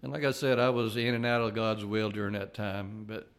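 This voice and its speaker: Earnest older man, fairly low voice. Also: fairly even intonation, a bit bright. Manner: earnest, halting with frequent restarts. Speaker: layman giving a faith testimony. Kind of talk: personal testimony.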